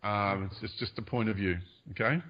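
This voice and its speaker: A man speaking as a radio-show guest, talking earnestly about spiritual ideas, hedging often and pausing with fillers. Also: fairly low pitch, fairly even intonation. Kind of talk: spiritual interview talk. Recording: dull lo-fi radio audio.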